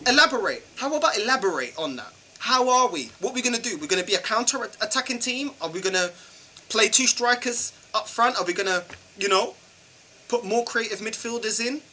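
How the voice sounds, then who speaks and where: A man's voice: high-pitched, lively intonation, brisk, sharp tone, a little hiss or hum, rough recording. A man ranting about football in a vlog, exasperated and firing off rhetorical questions in slangy talk. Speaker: football channel vlogger. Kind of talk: football fan rant vlog.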